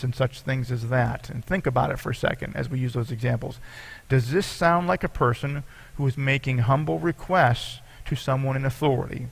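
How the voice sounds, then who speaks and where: A man with a gravelly, creaky voice preaching to his congregation. He reads scripture aloud and explains it earnestly, as a pastor would. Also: medium pitch, normal speed. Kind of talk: sermon.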